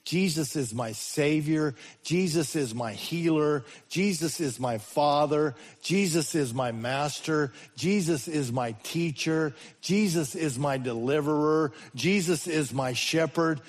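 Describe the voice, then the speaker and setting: A man preaching a sermon as the pastor, his voice swinging between sudden loud rises and slow, hushed drops. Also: fairly high pitch.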